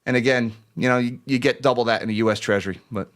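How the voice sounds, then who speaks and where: A man's voice: mid-range voice, fairly even intonation, quick pace. A man hosting a finance livestream, chatting casually, joking and laughing often as he thanks viewers by name and reads market numbers.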